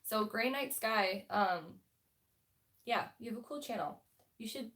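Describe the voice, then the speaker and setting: A woman's voice: a little high, expressive, moderate pace, a bit bright. A young woman hosting a book club livestream, talking casually and bluntly with lots of fillers and restarts.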